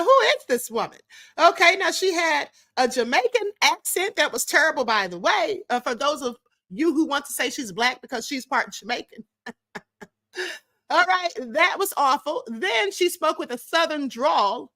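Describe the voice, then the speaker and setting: Woman livestream host, high bright voice, blunt sarcastic commentary, dry close sound. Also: big pitch swings, moderate pace, gravelly, dry recording. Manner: blunt and sarcastic, addresses viewers directly.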